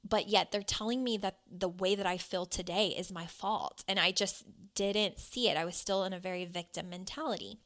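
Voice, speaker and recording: A woman's voice: mid-range voice, pushed and bright. A young woman hosting a podcast, candidly telling a personal story in a confessional way, with lots of "like" and "you know". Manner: candid, confessional, filler-heavy with frequent "like". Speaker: podcast host.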